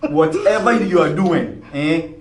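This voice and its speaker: A man's voice: fairly high pitch, measured pace, recorded from a distance. A man hosting an interview, responding with frequent murmurs and laughing along with his guest. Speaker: show host. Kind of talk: casual interview. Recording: echoey room with faint room noise.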